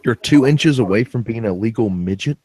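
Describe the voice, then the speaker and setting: A man's voice: mid-range voice, expressive, a little fast, darkish tone. A man hosting a casual podcast chat, wry and joking, swearing now and then. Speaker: podcast host.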